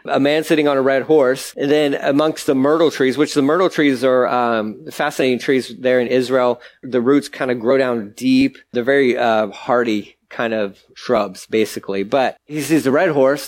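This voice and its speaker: A male pastor giving a conversational sermon, explaining scripture in a casual, chatty way with everyday asides. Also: mid-range voice.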